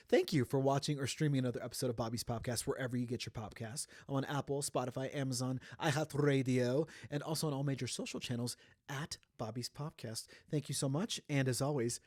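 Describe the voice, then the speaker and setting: A man's voice: medium pitch, darkish tone, no room sound. Male podcast host, playful and chatty, mid-range voice, dry close mic. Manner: chatty, playful, jumps into sung sounds and silly voices. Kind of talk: casual pop culture news chat.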